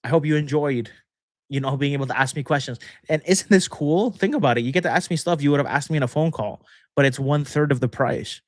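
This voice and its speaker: A man's voice: fairly high pitch, a little fast, dry recording, clean studio sound. A young man hosting a casual livestream Q&A as a manifestation coach, chatty and rambling, laughing often between thoughts.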